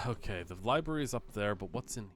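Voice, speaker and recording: A man's voice: on the low side, animated, fairly quick. A man streaming a video game, talking in a rambling, casual way and swearing often. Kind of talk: live gameplay commentary. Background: game music.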